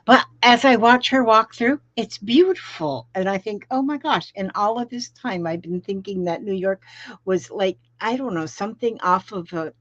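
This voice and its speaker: A woman's voice: mid-range voice, normal speed, no echo. A middle-aged woman from Florida, rambling in folksy, casual chat as she hosts a crafting live stream from home and greets viewers by name. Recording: dull lo-fi stream audio, dry.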